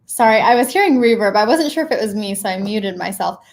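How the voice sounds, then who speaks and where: A woman's voice: mid-range voice, lively intonation, quick pace, background noise. A woman hosting a video call, chatting casually and appreciatively. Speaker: host. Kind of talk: casual chat.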